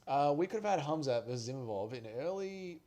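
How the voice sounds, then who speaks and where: A man's voice: fairly high pitch, animated, fairly quick, noisy background. A man hosting a casual livestream watch party, tipsy and rambling loosely with plenty of swearing. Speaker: livestream host.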